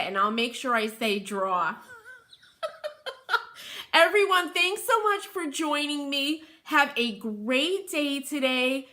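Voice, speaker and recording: A woman's voice: a little high, bright, forceful tone. A middle-aged woman from Connecticut with a Connecticut accent, hosting a live craft tutorial, chatting and laughing as she reads viewer comments aloud. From Connecticut, USA.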